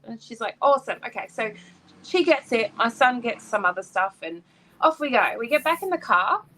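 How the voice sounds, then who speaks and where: Lively high-pitched Australian woman. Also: moderate pace. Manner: laughs often, animated storytelling. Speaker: co-host. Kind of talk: casual chat.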